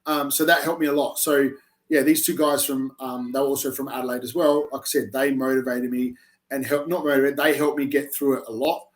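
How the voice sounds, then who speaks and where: Young male interviewee from South Australia, animated storyteller, mid-pitched everyday voice, casual chat. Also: a little fast. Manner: animated storyteller with many restarts. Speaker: interview guest, army reserve recruit.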